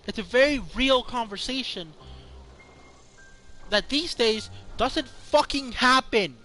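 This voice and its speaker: High-voiced man ranting about a movie. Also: takes it slowly, soft background music. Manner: profane, rambling, excited. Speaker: movie reviewer. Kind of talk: casual rant.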